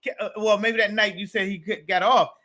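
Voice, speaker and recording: A man's voice: high-pitched, steady tone, fairly quick, bright, forceful tone. A man in casual podcast chat, earnest and rambling, repeating words as he goes.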